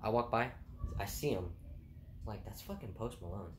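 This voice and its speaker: A man's voice: fairly low pitch, normal speed. A young man vlogging, telling stories from his job casually, laughing often and swearing freely. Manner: laughing, animated and profane. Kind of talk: casual storytelling. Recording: roomy with faint background noise.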